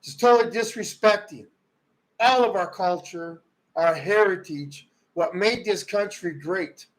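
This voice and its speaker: A man hosting a livestream, ranting about politics in a heated way, swinging from loud outbursts to low muttering. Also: measured pace, poor audio. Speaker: livestream host. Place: rural home.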